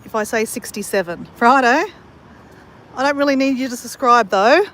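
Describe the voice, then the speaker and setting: A woman's voice: a little high, normal speed, fairly bright tone. Chatty woman vlogging outdoors. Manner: chatty, gushing, addresses viewers as guys. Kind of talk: casual walking vlog. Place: outdoors on a town street.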